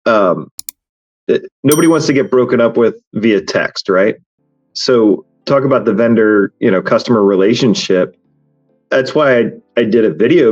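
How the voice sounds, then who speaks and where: A man's voice: medium pitch, a little mellow, lo-fi sound. A man hosting a podcast in casual chat, talking frankly and rambling with many fillers and restarts. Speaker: podcast host.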